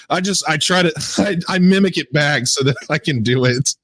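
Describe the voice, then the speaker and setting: A man's voice: medium pitch, lively intonation, a little fast, a bit bright, dry recording. A man hosting a podcast interview, enthusiastic and chatty, often stopping and restarting his sentences. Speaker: podcast host. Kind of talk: casual interview chat.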